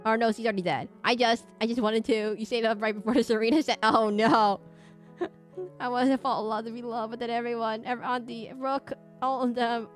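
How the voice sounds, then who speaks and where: A woman's voice: a little high, steady tone, brisk, faint music behind. A woman streamer playing a romance horror game, reading the characters' lines aloud with drama and breaking off to react and laugh. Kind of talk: reading game dialogue aloud during a let's play.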